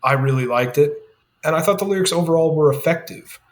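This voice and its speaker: A man's voice: on the high side, fairly quick. A man co-hosting a music review show, reading scores with announcer-like patter and jokey asides. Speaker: co-host reviewing songs. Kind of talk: scripted podcast review.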